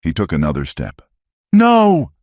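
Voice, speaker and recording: Deep-voiced male narrator for a dramatic frontier tale, dry close sound. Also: expressive, normal speed, darkish tone, dry recording.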